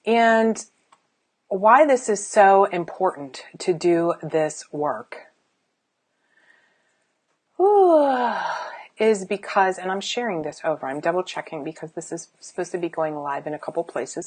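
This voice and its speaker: Woman, middle-aged, life coach, emphatic, chatty, lowish voice, live stream. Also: lively intonation, unhurried, a little mellow. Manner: emphatic, chatty, with sighs and restarts. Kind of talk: live-streamed motivational talk. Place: indoors, sitting.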